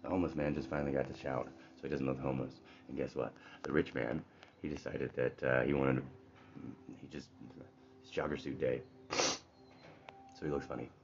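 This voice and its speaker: Very deep-voiced man telling a story. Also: little pitch movement, moderate pace. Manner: conversational, checks in with "right?". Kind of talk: casual storytelling monologue. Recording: dull lo-fi with faint noise.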